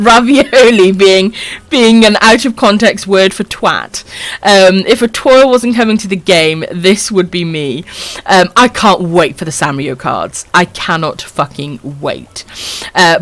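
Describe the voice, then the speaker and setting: A woman's voice: medium pitch, dry recording. A Welsh woman chatting on a live stream, her voice bouncing all over the place as she reads comments. She calls everyone darling, swears freely and giggles between lines, speaking into a desk microphone. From Wales. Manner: affectionate, swears freely, laughs often. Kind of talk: casual live-stream chat reading comments.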